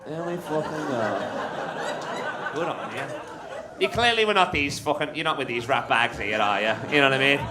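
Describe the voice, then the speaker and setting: With a mid-range, animated voice at a moderate pace, a man does live stand-up crowd work amid background noise. He trades brash banter with the comedy club audience and swears freely, in a live recording that includes the crowd.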